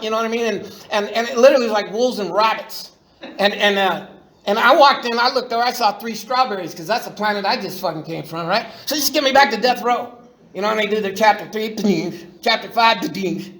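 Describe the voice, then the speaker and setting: A man's voice: sits high, fairly bright tone. A middle-aged man telling his recovery story at a meeting in a profane, slangy way, restarting his sentences often. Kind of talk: personal recovery share. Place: meeting room. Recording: echoey room recording.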